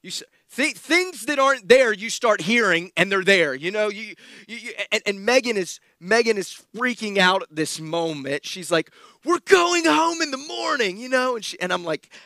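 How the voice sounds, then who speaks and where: A man preaches in a high, bright, ringing voice. He tells stories with self-deprecating humor and swings between quiet asides and loud bursts. The sound is dry and close. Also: moderate pace, dry recording. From South Alabama. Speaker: pastor. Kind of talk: sermon with a personal story.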